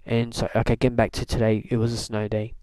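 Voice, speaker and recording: A young Canadian video blogger tells a rambling, wry diary-style story in casual talk, packed with fillers and restarts. His voice is on the low side, dark and monotone, fast, with no room sound.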